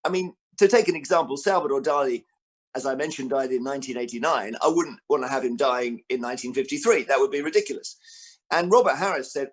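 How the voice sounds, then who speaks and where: Male author, book festival interview, lively storyteller, mid-pitch, lots of restarts. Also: fast, slightly rough. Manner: animated storyteller, acts out quotes; frequent restarts and fillers.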